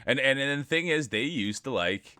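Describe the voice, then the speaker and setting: A man's voice: mid-range voice, animated, normal speed, sharp tone, no echo. A man streaming live, chatting casually and rambling while greeting viewers by name.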